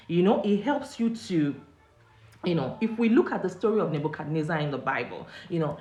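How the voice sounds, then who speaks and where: A Nigerian woman hosting a casual live chat and telling a personal story with animated swings in pitch. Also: reverberant. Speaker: host.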